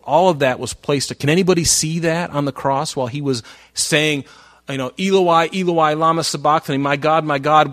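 A man's voice: mid-range voice, no echo. Preaching man, dry close sound. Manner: preaching with swings between soft asides and loud emphatic phrases; reads scripture aloud and comments on it. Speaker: pastor. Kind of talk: sermon.

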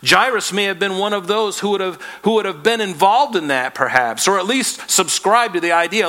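A man preaching a sermon, retelling Bible stories in lively, casual speech and briefly acting out the characters. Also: high-pitched, fairly quick, few pauses. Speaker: pastor.

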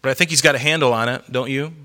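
A middle-aged man preaching a sermon in an earnest, conversational storytelling way, growing animated as he goes. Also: mid-range voice, racing. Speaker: pastor.

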